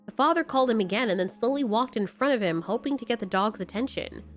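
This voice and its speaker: A woman narrating a scripted horror story in a slow, measured way with dramatic pauses. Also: a little high. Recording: faint background music.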